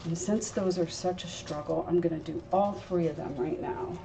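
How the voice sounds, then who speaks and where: Her voice is gravelly, on the low side, and moderately paced, recorded off-mic so it sounds dull with some faint noise. She's a craft show host giving a live tutorial, chatting to viewers and explaining as she works at her craft table.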